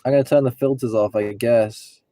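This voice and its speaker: Mellow rambling young man on a livestream. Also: mid-range voice, fairly even intonation, moderate pace, no room sound. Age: 20s. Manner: rambling, talks to chat viewers, breaks into singing. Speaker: livestreaming rideshare driver. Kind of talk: casual livestream chat. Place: in a car.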